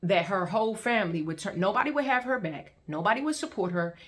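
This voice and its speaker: A woman telling her personal story as testimony, in an animated, repetitive storytelling manner. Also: medium pitch, fast talker. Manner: animated storytelling with repeated phrases and acted-out quotes. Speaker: testimony vlogger.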